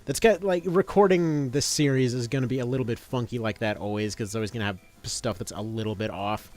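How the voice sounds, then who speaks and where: A man's voice: mid-range voice, fast talker, darkish tone. A man in his thirties chatting casually as he streams a game, rambling with lots of fillers and restarts. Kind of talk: casual gameplay commentary.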